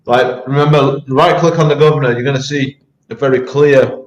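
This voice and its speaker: A man's voice: mid-range voice, steady tone, brisk, muffled recording. British man chatting on echoey voice call. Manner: chatty, repeats words, laughs easily. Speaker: project team member hosting community AMA. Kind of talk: casual community voice chat. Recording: echoey voice chat.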